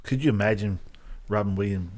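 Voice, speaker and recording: A man's voice: lowish voice, a little fast, a little mellow. A man co-hosting a podcast in casual chat, telling stories with animation. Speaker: podcast co-host.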